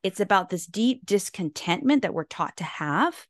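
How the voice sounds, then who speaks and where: A woman's voice: mid-range voice, expressive, normal speed, dry recording, studio quality. A woman hosting a podcast, chatting casually with a guest in an enthusiastic, rambling way. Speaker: podcast host. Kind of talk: casual interview chat.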